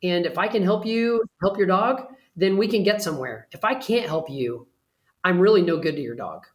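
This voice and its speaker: An earnest man speaks as a guest on an interview show, explaining and persuading in a relaxed, conversational way. His voice carries a noticeable room echo. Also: sits high, normal speed. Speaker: pet trainer guest. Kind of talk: casual interview talk.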